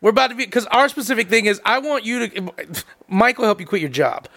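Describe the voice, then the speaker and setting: High-voiced, gravelly, excitable man. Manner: excitable, crude, quick to laugh. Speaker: podcast co-host. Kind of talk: casual podcast banter.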